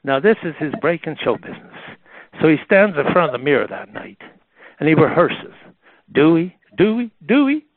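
A man telling anecdotes on a radio call in a lively storytelling manner, acting out the people in his tales. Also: on the high side, brisk, creaky, no room sound. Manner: animated, acts out the voices in his stories. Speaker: guest telling stories about a friend. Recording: tinny phone-like radio line.

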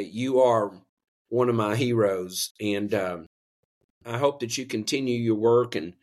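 Earnest male interview host. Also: medium pitch. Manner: earnest, formal praise.

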